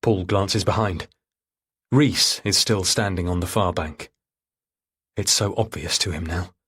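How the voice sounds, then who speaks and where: A man reading a thriller audiobook in third person, with a somewhat low, husky voice. His delivery is measured and grave throughout. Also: fairly bright tone. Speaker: audiobook narrator.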